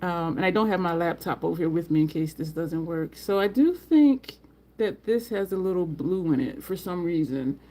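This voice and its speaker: A woman hosts a relaxed makeup livestream at a normal pace, greeting viewers by name as she chats. Her pitch leaps upward whenever she gets excited.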